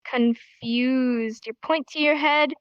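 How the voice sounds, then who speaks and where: A woman's voice: high-pitched, moderate pace, fairly bright tone, dry recording, dull audio. A young woman teaching a casual sign language class, bubbly and giggly, acting out each emotion with her voice while tired and a bit sore in the throat.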